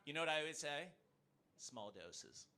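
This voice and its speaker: An American man in his fifties performing a stand-up comedy set, swinging between low asides and loud bursts. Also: sing-song, moderate pace, a faint crowd, slight background noise. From United States. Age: 50s. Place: comedy club stage before a live audience.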